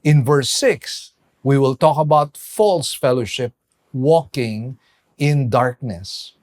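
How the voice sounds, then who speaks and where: A male pastor giving a measured sermon, pausing for emphasis as he explains scripture. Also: mid-range voice, darkish tone. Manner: slow, measured preaching with emphatic pauses.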